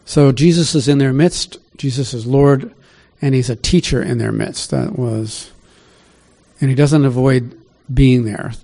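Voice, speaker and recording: A male pastor teaches from scripture in a relaxed, conversational sermon, unhurried and often pausing to put questions to his listeners. His voice is mid-pitched with a dark, mellow tone.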